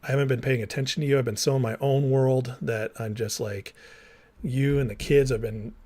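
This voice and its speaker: A man's voice: mid-range voice, steady tone, a little fast, a little mellow. A man tells his personal story straight to viewers in a candid, rambling way. He often says "like," restarts his sentences and acts out the lines of past conversations. He speaks as someone who was once a minister and counselor. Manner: rambling and candid, acting out remembered dialogue; heavy use of "like" and restarts.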